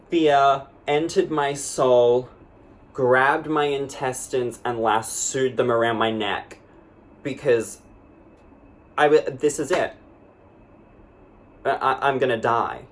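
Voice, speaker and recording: A man's voice: mid-range voice, lightly acted. A man playing a young woman vlogger who tells a dramatic storytime, rambling and full of "like". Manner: rambling, lots of "like", breathless and dramatic. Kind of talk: comedic storytime monologue.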